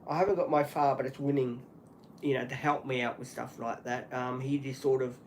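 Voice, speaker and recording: A man hosting a solo livestream, talking earnestly and apologetically in halting speech with many restarts and fillers. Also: medium pitch, steady tone, a little hiss or hum. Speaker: channel host.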